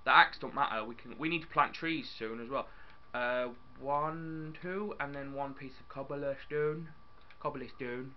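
Excitable young man, lo-fi mic. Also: mid-range voice, a little slow, slight background noise. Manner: chatty, excitable, talks to the viewers and to his in-game dog. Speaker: gaming YouTuber. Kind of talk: casual game commentary.

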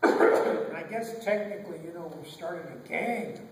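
High-voiced man telling stories in a classroom. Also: moderate pace. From California. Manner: animated, acts out voices, mixes in Spanish phrases. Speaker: guest speaker. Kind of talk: storytelling to a class. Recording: echoey classroom from far off, noisy.

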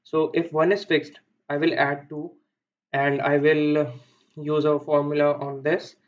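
Slow-talking Indian man explaining code. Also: a little high, flat delivery, dull audio. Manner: thinking aloud with frequent fillers and self-corrections. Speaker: coding tutor. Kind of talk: screen-recorded coding walkthrough.

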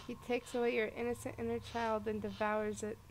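A woman hosting a let's-play video, reading the game's dialogue aloud and reacting gently. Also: fairly high pitch, flat delivery, brisk, a little hiss or hum. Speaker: gaming video host.

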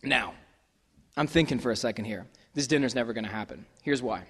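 A man's voice: mid-range voice, brisk, fairly bright tone, husky. A man in his thirties, an author telling funny stories to a live audience in a wry, self-deprecating, chatty way on a stage mic. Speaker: author and guest speaker. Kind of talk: comic storytelling to a live audience. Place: festival venue hall. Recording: long hall reverb.

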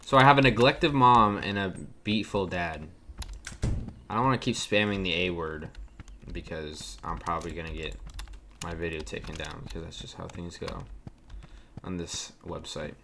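A man commentating a horror game, reading its text aloud and yelling at jump scares. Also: deep voice, normal speed, creaky, noisy background. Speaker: gaming video creator.

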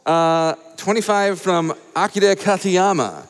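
A man works the crowd as a live event host, full of playful, showy banter and fancy words. His voice sits high and swoops all over the place. The sound carries a long hall reverb. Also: sing-song, moderate pace. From Atlanta, US. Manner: playful, showy emcee patter with big words. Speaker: marathon host. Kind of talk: hyped live event hosting.

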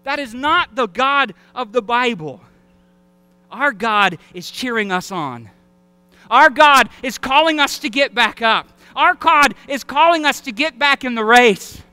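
A male pastor with a Southern American accent, preaching an animated sermon that acts out voices and quotes. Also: very high-pitched, a little slow, clear, resonant tone, no room sound. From Alabama. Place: church sanctuary.

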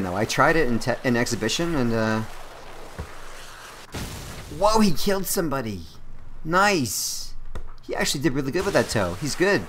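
A man giving casual gameplay commentary, excitable and exclaiming at the action. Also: fairly high pitch, slight background noise.

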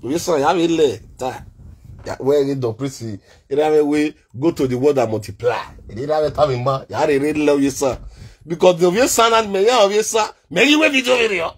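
A man with a Nigerian Pidgin accent ranting in an animated vlog, swinging between shouting and muttering. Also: a little high, fairly quick, breathy edge. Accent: Nigerian Pidgin English. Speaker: online content creator.

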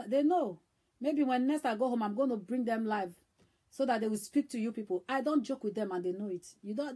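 A woman's voice: a little high, warm tone. Fervent Nigerian woman preacher. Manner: fervent and exhorting, repeats phrases for emphasis. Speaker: evangelist preacher. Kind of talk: emotional sermon.

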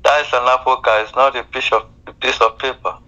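A man's voice: mid-range voice, steady tone, fairly quick, bright, forceful tone. A man on a phone call who keeps pleading with her to hold on and listen. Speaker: scam caller. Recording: muffled phone line.

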